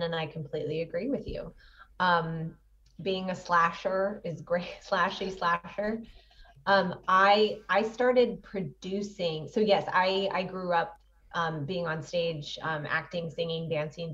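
A woman's voice: on the low side, unhurried. Chatty woman on dull, distant audio. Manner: animated, chatty, laughs often. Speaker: guest, actress and producer. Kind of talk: casual interview chat.

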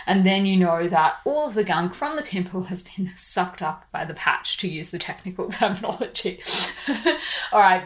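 A woman's voice: on the low side, a bit bright. A woman with an Australian accent hosting a podcast, giving casual skincare advice in a chatty, informal way. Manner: chatty and informal, explains plainly with easy laughs. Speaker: podcast host.

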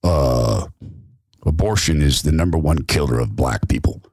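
A man putting on a low, gruff, scornful voice for a heckler. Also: moderate pace, a little mellow, no echo, clean studio sound, heavily acted. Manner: scornful, blunt.

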